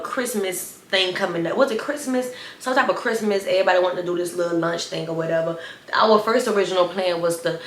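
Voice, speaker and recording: Young woman, slight lisp, lowish voice, casual storyteller, echoey room. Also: slight background noise. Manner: animated, chatty, addresses viewers as y'all. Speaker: storyteller vlogger.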